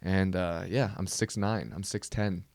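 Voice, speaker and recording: A man's voice: low-pitched, fairly even intonation, a little slow, a little mellow, no room sound. A man putting on a mocking, whiny impression of a boastful tall man who pities himself for his height. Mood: bragging.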